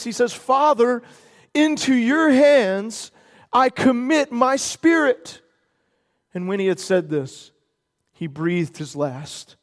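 A man preaching a sermon as pastor, earnest, stretching key words slowly for emphasis. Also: very high-pitched. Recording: long hall reverb.

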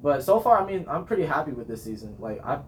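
A teenage boy, a high school marching band student, chatting casually in an interview in a rambling, self-deprecating way. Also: sing-song, quick pace, slight background noise. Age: teens.

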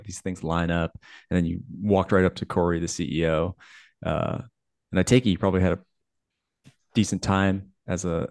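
Deep-voiced man, dry close sound. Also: creaky, darkish tone, no room sound. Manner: brief backchannels, reflective follow-up questions. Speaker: podcast co-host. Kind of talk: casual interview chat.

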